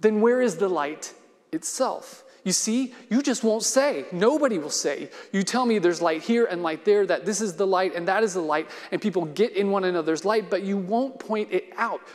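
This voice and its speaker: A man's voice: high voice, moderate pace, natural voice. A man voicing a frustrated young man, newly given sight after a lifetime of blindness, who keeps pressing his questions. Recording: long hall reverb.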